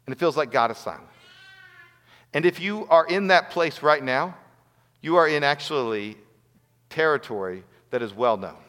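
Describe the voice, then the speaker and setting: A man's voice: fairly high pitch, animated, moderate pace, pauses often, fairly bright tone. A man giving a sermon as a pastor, earnest and storytelling. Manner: earnest, storytelling with acted quotes. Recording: long hall reverb.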